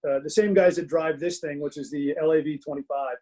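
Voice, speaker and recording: A middle-aged man with a voice a little high for a man, chatting easily as a guest in a casual interview. He tells self-mocking stories and laughs through them, speaking from his home den. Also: fairly even intonation, a little fast, warm tone, low-quality recording. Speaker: guest author.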